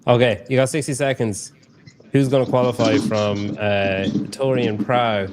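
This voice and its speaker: A man's voice: medium pitch, fairly even intonation, takes it slowly, noisy background. A man hosting a casual podcast, joking and rambling with plenty of fillers. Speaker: podcast host. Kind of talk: casual chat.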